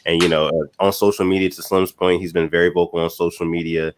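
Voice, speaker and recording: A man's voice: low-pitched, level tone, quick pace, a little hiss or hum. A man in casual podcast chat who talks in a laid-back way and fills his speech with "you know what I'm saying.".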